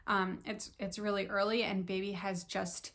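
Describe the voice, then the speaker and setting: A young woman talking casually to camera about her week, chatty and excited, with many fillers. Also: mid-range voice, normal speed. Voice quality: creaky. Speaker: vlogger sharing pregnancy update.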